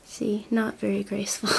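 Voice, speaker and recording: A woman's voice: a little high, creaky, dark tone, slightly rough. A woman who is feeling unwell, with a nasal voice and a bit short of breath, chatting casually through a crafting how-to with plenty of ums. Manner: chatty, with many ums and self-corrections. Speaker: crafting video host.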